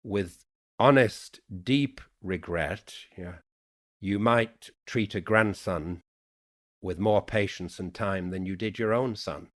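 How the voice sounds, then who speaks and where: A middle-aged man with a mixed Yorkshire, Irish and American accent, speaking in an unhurried, thoughtful way as a guest poet in a reflective conversation. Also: fairly low pitch, fairly bright tone. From England, Yorkshire.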